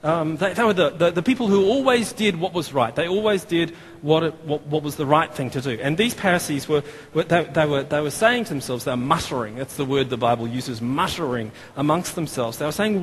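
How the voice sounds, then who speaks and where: Australian male preacher, 30s, casual and self-deprecating, slightly high pitch, long church reverb. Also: expressive, fairly quick, few pauses. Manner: chatty and self-deprecating, with many fillers and restarts. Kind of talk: sermon. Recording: long hall reverb, faint room noise.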